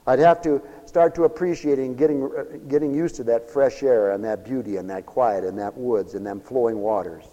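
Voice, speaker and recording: A man preaching a folksy sermon, swinging between loud exhortation and quiet asides. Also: mid-range voice, normal speed, hardly any pauses, muffled recording. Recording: echoey hall with long reverb.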